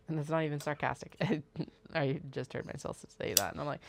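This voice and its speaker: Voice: medium pitch, fast talker, creaky, few pauses, slight background noise. A craft maker chatting casually on a livestream, muttering to themself and counting pieces aloud while working.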